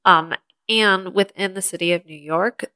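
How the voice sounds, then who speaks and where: A woman's voice: on the low side, measured pace, bright, forceful tone. A woman co-hosting a podcast, recapping a movie in casual chat and eagerly explaining facts. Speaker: podcast co-host.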